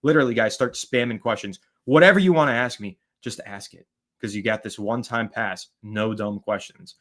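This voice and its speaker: This chatty male host has a sharp, bright voice that sits lowish, and he talks a little fast. Rambling loosely on a live stream, he reads viewer comments and gives people name shout-outs between his thoughts.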